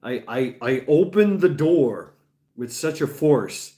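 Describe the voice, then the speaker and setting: A man's voice: mid-range voice, lively intonation, slow, warm tone. A man in his forties chatting on a livestream as its host, rambling, swearing freely, laughing often and repeating himself, tired after hours on air. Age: 40s. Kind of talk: casual livestream chat.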